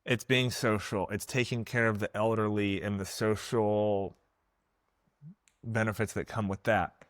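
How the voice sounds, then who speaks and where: Male podcast host, lowish voice, eager, piles up points fast, dry close sound. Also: fairly even intonation, dry recording. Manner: enthusiastic, listing points in a rush. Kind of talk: casual podcast conversation.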